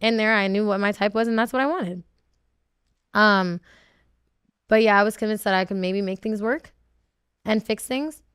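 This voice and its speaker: A woman pours out her side of the story as a podcast guest, rambling and circling back with plenty of "like"s. Her voice is smooth and clear. The sound is dry and close, with no room around it. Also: medium pitch, normal speed, pauses often, fairly bright tone, dry recording. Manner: emotional, rambling with many "like"s and restarts. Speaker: reality show contestant guest. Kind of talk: candid podcast interview.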